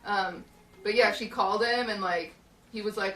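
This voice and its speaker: A woman's voice: mid-range voice, fairly even intonation, normal speed, sharp tone, echoey room, far from the mic, low-quality recording. A young woman streamer telling a long story in casual chat, full of "like" and restarts, acting out what people said. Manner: rambling, lots of "like" and restarts, acts out quotes. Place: small hot shed studio.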